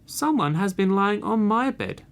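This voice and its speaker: A man voicing a middle-sized mother bear in a raised, measured voice while reading a storybook. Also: sits high, sing-song, vocal fry, pitched above the performer's own voice, full character voice. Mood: puzzled.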